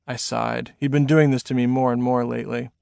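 Man reading an audiobook, measured, expressive, medium voice, dry close sound. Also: medium pitch, gravelly, clean tone, no room sound. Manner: measured, expressive first-person storytelling. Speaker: author narrating his own audiobook. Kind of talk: scripted audiobook narration.

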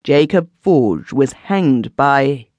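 A man voicing Smith, a kindly, emotional villager in an audiobook, talking gossipy and eager, swinging up in pitch. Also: animated, a little mellow, no echo, highs cut off. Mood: earnest. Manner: gossipy, quick to burst into feeling. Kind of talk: audiobook character voice.

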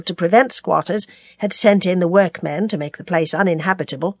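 A woman narrating a novel as an audiobook, telling it in an expressive, dramatic way. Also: medium pitch, a little fast, no room sound, studio quality.

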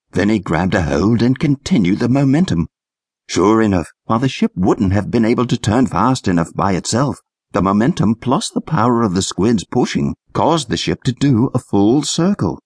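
A man narrating a children's adventure audiobook in an expressive storytelling manner. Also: lowish voice, breathy edge, dry recording, clean studio sound.

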